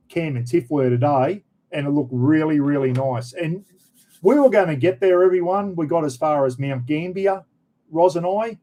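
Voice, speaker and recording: A man's voice: a little high, warm tone, poor audio. A middle-aged Australian man, a former cop and prison officer, chatting bluntly on a livestream while he answers questions from viewers. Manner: blunt and salty, swears freely. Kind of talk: casual livestream chat.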